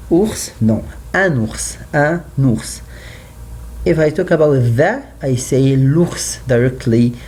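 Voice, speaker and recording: Man teaching french, slow and dark-toned, repeats words, faint hiss behind. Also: medium pitch. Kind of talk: classroom language lesson.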